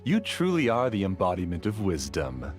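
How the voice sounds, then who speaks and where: A deep, polite schemer. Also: male voice, wildly swooping pitch, normal speed, soft background music. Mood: scheming. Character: polite scheming man, scholar hiding secrets. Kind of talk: game character dialogue.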